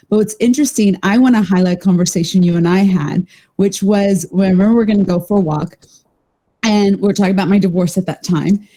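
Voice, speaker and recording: A woman's voice: mid-range voice, mellow, poor audio. A woman hosting an interview, talking in an effusive, rambling and enthusiastic way. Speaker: podcast host. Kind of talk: casual interview chat.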